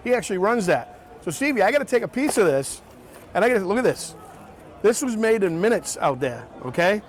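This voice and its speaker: A man's voice: sits high, very animated, fairly quick, a little hiss or hum. A man hosting a casual festival vlog outdoors, chatty and enthusiastic as he tastes and praises food. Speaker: vlog host.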